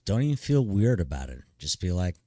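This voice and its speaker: Streaming live, this middle-aged man speaks briskly in a low, mellow, very animated voice. His casual chat is full of blunt, profane, big-brother-style advice, laid-back in tone and peppered with "dude." There's no echo on the audio.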